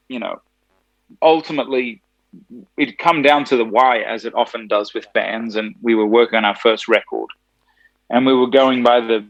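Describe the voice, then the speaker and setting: Australian-Tennessee male musician, gravelly and dry, chatty storyteller. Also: mid-range voice, dry recording, muffled recording. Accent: Australian with some Tennessee. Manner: chatty, laughs easily, animated storytelling. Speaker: musician guest. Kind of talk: casual phone interview.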